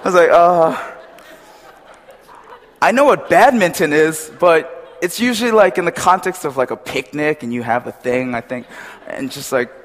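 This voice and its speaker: In a reverberant church hall, a young man preaches a casual sermon at normal speed in a voice that's a little high. He's chatty and tells stories, grows animated when retelling them, and makes many asides to his congregation.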